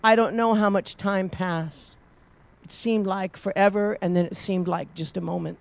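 A woman preacher telling a personal story in a sermon, moving from hushed storytelling to loud, impassioned praise. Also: mid-range voice, fairly even intonation, normal speed, creaky, dry recording.

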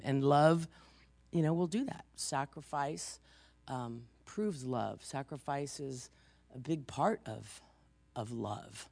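Brief: woman preacher, creaky gravelly voice, dry close sound, conversational sermon. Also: very deep voice, animated, slow pace, a little mellow, dry recording. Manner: chatty storytelling, frequent "you know", laughs easily. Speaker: pastor.

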